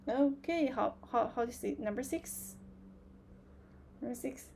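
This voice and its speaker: A woman teaching a live online beginner Chinese class, speaking slowly and patiently and repeating words for learners to copy. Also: fairly high pitch, animated, gravelly, dark tone, a little hiss or hum.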